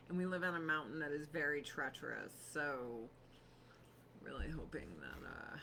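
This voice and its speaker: A woman's voice: deep voice, a little slow, vocal fry, bright, forceful tone, slight background noise. A woman hosting a casual beauty livestream from her home, chatty, laughing often and swearing casually. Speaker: livestream host selling beauty products. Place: home on a snowy mountain.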